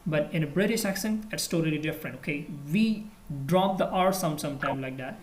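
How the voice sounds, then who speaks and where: A man's voice: fairly high pitch, fairly quick, reverberant, low-quality recording. A man from Pakistan with a Pakistani accent, teaching English in a casual online lesson, full of fillers and switching into Urdu. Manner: explains with many fillers, mixes in Urdu. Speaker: English tutor.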